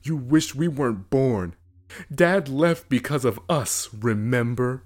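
A man's voice: mid-range voice, animated, takes it slowly, darkish tone, voice pushed up. A man voicing a frightened but defiant young boy confronting his brother.

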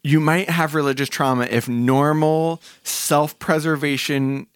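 A man's voice: on the high side, steady tone, a little slow, smooth, no room sound, clean studio sound. A man co-hosting a casual podcast, hesitant and mumbling, often trailing off. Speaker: podcast co-host. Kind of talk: casual chat.

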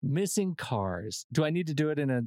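A man's voice: fairly high pitch, sing-song, a little fast, warm tone, no room sound, clean studio sound. A man co-hosting a podcast in casual chat, joking and thinking aloud in rambling lists. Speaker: podcast co-host.

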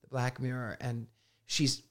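A man's voice: mid-range voice, unhurried. A man, a psychic guest, telling stories in a casual podcast interview, laughing often and acting out what people said. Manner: animated, laughing storyteller who acts out dialogue.

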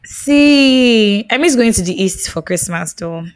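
A woman's voice: lowish voice, expressive, fairly quick, darkish tone, no echo. A Nigerian woman co-hosting a podcast, talking expressively in a casual chat and mixing Pidgin phrases into her English. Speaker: podcast co-host.

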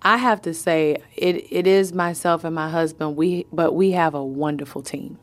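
A woman being interviewed, with a slightly low voice, chatting easily about home life. She laughs a lot and slips into little voices when quoting others, in a relaxed conversational way. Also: normal speed. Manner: laughs often, tells stories with quoted voices. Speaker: guest. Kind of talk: casual interview chat.

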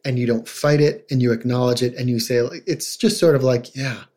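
Middle-aged man explaining calmly. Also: mid-range voice, a little fast. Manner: conversational, acts out quoted voices. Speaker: child psychologist guest. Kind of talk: casual podcast conversation.

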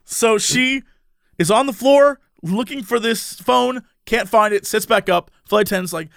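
A man's voice: high voice, moderate pace, gravelly, no echo, studio quality. A man chatting casually on a podcast, telling a story with lots of laughs and playing out the other people's lines himself. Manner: animated, laughs often, acts out quoted voices.

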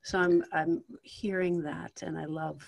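A woman's voice: low-pitched, steady tone, measured pace, gravelly. A woman working as a voice and acting coach, giving encouraging feedback on diction. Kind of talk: coaching conversation.

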